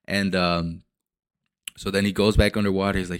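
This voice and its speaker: A man hosting a podcast, recapping a movie in a casual, rambling way, swearing often and acting out characters' lines in quick asides. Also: fairly low pitch, steady tone, clean tone. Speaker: podcast host.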